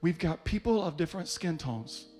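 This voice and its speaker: A man preaches with rising fervor, his voice sitting a little higher than most. He calls out to the congregation in rhythmic bursts that swell into loud climaxes, with soft music faintly underneath. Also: lively intonation, moderate pace. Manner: leads the congregation, calling people up by name. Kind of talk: sermon.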